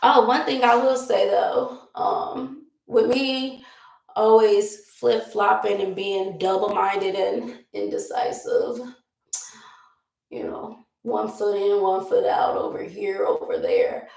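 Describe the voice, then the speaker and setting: A woman's voice: medium pitch, expressive, slow pace, creaky, darkish tone, roomy sound, poor audio. A young woman vlogger chatting casually while doing her makeup, rambling and laughing often.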